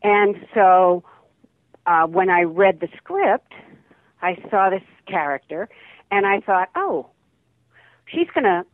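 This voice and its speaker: A woman's voice: lowish voice, slow pace, long pauses, no room sound. An older woman, an actress, chatting in an interview over the phone and laughing often. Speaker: actress guest. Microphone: telephone. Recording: tinny dry phone line.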